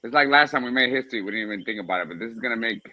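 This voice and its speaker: A man's voice: medium pitch, expressive, rapid-fire, lo-fi sound. A man from Puerto Rico, a guest fighter talking easily and hyping things up while sitting outside his house. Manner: easygoing, hypes things up. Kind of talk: casual interview.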